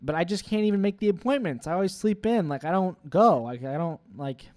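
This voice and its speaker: A man's voice: high voice, lively intonation, brisk, darkish tone. A young man in his twenties, rambling through a profane, confessional vlog monologue full of "like" fillers. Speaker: vlogger.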